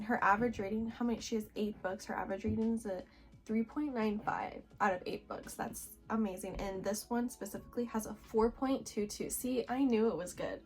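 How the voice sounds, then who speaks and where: A young woman in her twenties talking excitedly to camera about books at home, gushing with lots of filler words. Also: mid-range voice. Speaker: book vlogger. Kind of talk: casual reading vlog chat.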